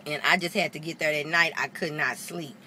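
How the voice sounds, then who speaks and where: A woman's voice: low voice, brisk, slight background noise. A woman vlogger telling a story casually to the camera, swearing freely and acting out the people she quotes. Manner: animated, profane, acts out quotes.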